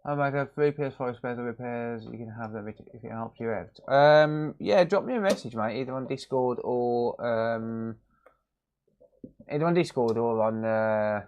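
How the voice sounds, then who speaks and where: Slow-talking man with crude banter. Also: mid-range voice, a little mellow, muffled recording. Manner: crude joking banter with chat, sweary. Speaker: electronics repair streamer. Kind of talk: casual livestream chat while repairing.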